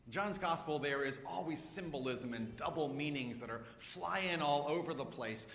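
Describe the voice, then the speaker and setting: A man's voice: on the high side, sharp tone, a little hiss or hum. A man preaching a conversational sermon as a pastor, acting out the voices in the stories he tells. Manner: conversational, acts out quoted voices. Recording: echoey hall with long reverb.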